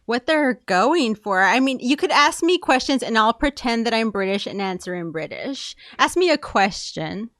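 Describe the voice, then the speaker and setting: A woman's voice: a little high, expressive, normal speed, few pauses, fairly bright tone, no room sound, studio quality. A woman improvising a self-assured newly divorced character in a livestreamed comedy scene. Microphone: video call.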